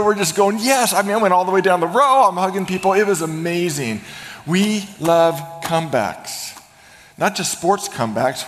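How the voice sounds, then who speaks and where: Man, pastor, energetic sermon, storytelling, long reverb. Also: mid-range voice. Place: church sanctuary.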